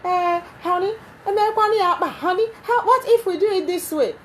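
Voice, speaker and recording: A woman voicing a wife who sweet-talks her husband in a high, wheedling, sing-song voice. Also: brisk, a little hiss or hum. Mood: coaxing.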